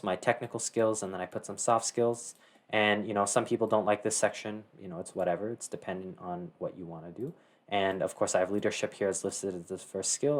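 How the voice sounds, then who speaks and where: Teenage boy, low voice, casual rambling tutorial, keyboard typing behind. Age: teens. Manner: rambling, many fillers and self-corrections. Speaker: tutorial host. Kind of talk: casual screen-share tutorial.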